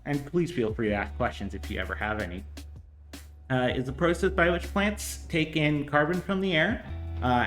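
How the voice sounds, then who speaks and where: A man walks through chemistry problems on a casual stream, drifting into chatty asides and stumbling over fillers as he thinks aloud. His voice sits in a middling range and rings in a roomy space. Soft guitar music plays faintly underneath. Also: medium pitch. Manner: rambling, hesitant with many fillers, chatty asides. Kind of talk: casual livestream lesson.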